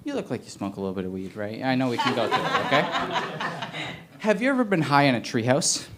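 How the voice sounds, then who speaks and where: A man's voice: mid-range voice, very animated, quick pace. A man doing stand-up in a loose, profane way, talking directly to the crowd. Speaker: stand-up comic. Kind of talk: stand-up comedy. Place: comedy club stage. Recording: noisy live room.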